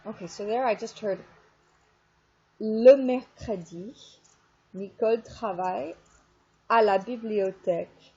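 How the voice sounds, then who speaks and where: A French teacher talks through a recorded online lesson, a woman with a slightly husky voice. She explains patiently and says French examples slowly and carefully. The recording is dull and lo-fi. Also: mid-range voice.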